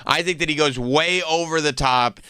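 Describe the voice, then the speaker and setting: A man's voice: a little high, bright, forceful tone, smooth, dry recording, clean studio sound. A man hosting a radio talk show, chatting casually and riffing at length with strong opinions. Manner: opinionated, rambling, quick to riff.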